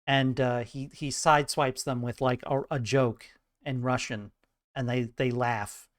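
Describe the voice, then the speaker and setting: A man streamer in casual chat, trading wry jokes and dry banter with many halting restarts. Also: mid-range voice, fairly even intonation, no room sound.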